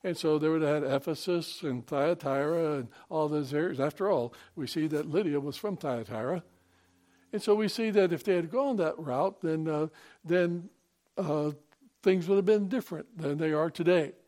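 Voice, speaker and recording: A man preaching a sermon, reading scripture and praying, in an earnest, halting way with many pauses and restarts. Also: fairly high pitch, darkish tone. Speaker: pastor. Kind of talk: sermon with Bible reading and prayer.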